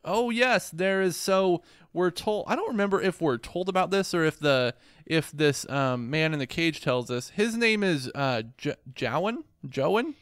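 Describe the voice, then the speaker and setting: A man co-hosting a casual podcast, leading the game recap in a halting, easygoing way with many restarts. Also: on the high side, animated, fairly bright tone, smooth, no room sound, studio quality. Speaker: podcast co-host running the quest log recap.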